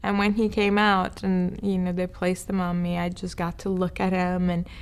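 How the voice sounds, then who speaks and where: A woman's voice: fairly low pitch, monotone, moderate pace, clean tone. A mother speaking in an interview, emotional and close to tears as she talks. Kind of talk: interview storytelling.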